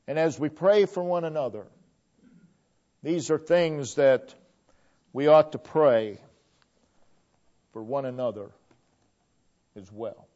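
A middle-aged male pastor with a warm tone preaches earnestly, repeating key phrases and swelling to emphatic peaks before dropping low. It's a dull, lo-fi church recording.

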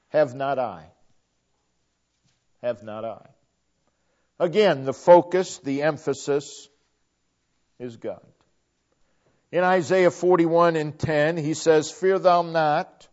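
Slow, deliberate preacher man. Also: on the high side, a little mellow. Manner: slow, deliberate, repeats phrases for emphasis. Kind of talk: sermon. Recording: dull lo-fi recording.

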